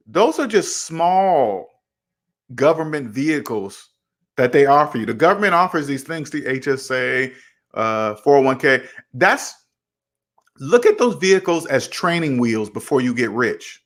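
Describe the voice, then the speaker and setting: Animated man acting out both sides of a chat. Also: fairly high pitch. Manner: animated, acts out both sides of imagined conversations. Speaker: finance channel host. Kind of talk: casual livestream talk answering chat.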